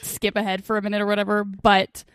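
A woman's voice: medium pitch, monotone, quick pace, a bit bright, smooth, dry recording, studio quality. A young woman hosting a podcast in casual chat, gushing and acting out characters' lines. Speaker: podcast host.

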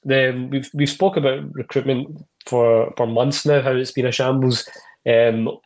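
Measured man analysing football. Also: medium pitch, little pitch movement, a little mellow. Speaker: podcast panelist. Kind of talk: casual football chat.

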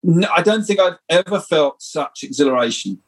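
Middle-aged man, husky voice, slightly high-pitched, rambling anecdotal podcast guest. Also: moderate pace, rough recording. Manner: animated, rambling anecdotal storytelling. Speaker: guest screenwriter. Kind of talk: casual podcast interview.

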